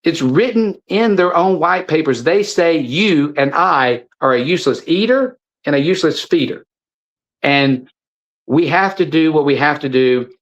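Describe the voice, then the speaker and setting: Over poor audio, a middle-aged man guesting as a supplement seller preaches passionately, repeating his phrases and stumbling as he restarts sentences. His voice is a little high, with lively intonation, and he keeps a measured pace.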